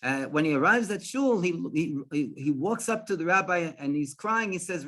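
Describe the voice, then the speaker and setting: A man, a rabbi, telling a religious story in an animated way with frequent restarts. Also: fairly high pitch, moderate pace.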